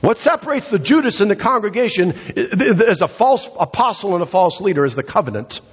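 Breathless preacher in an echoey hall. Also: male voice, sing-song, a little fast, slightly rough, lo-fi sound. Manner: emphatic, repeats phrases, dramatic pitch swings. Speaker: pastor. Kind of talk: sermon. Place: church sanctuary.

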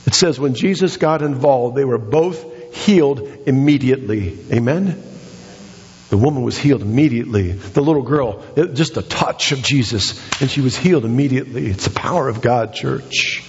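A male pastor preaching a sermon in a church, building to excited, emphatic exhortations with repeated phrases. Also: mid-range voice, normal speed. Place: church sanctuary. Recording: dull sound with long hall reverb.

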